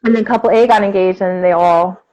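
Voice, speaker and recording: A woman co-hosting a casual chat, telling a story in an animated way and acting out the people in it, with plenty of fillers. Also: mid-range voice, brisk, dull audio, a crowd in the background. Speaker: co-host.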